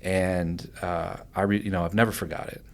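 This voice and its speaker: A man telling a personal story as a podcast guest, animated and rambling, with many restarts and fillers. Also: low voice, moderate pace.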